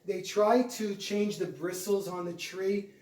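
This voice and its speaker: A man in casual home vlog chat, telling relaxed stories and repeating his openings as he goes. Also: high-pitched, measured pace. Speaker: co-host, decorator. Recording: echoey room.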